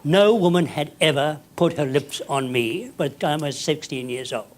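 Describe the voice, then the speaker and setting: An older man, telling a story to an audience in an animated, hammy way that climbs up to shouting. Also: a little high, moderate pace.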